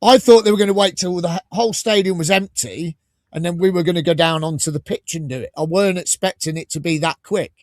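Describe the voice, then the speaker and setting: A man with an English Midlands accent hosting a casual fan podcast, chatting and telling stories in a lively way. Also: high voice, quick pace, no room sound, studio quality. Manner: chatty storyteller, lively and animated. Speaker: podcast host. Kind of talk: casual chat.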